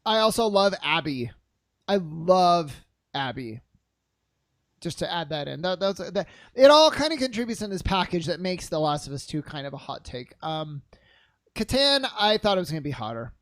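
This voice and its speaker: Young guy podcasting, bouncy pitch, stammery and laughy, dry close mic. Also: moderate pace, no echo. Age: young adult. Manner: animated, laughs often, stammers on restarts. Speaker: podcast co-host. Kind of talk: casual chat.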